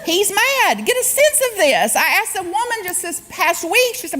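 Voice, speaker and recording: A woman's voice: very high voice, big pitch swings, moderate pace, few pauses, fairly bright tone. A woman guest speaker giving a humorous spiritual sermon in a church, acting out quotes and laughing often. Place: church sanctuary.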